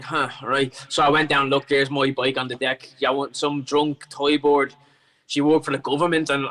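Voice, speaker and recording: A man's voice: mid-range voice, pushed and bright, rough recording. An Irish man on a podcast as a guest, telling a long story in casual chat, rambling with plenty of swearing and restarts.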